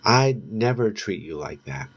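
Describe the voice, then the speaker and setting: A man's voice: on the low side, lively intonation, unhurried. A man reading aloud, voicing a mocking, sneering teenage boy ghost in a slightly raised voice. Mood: smug.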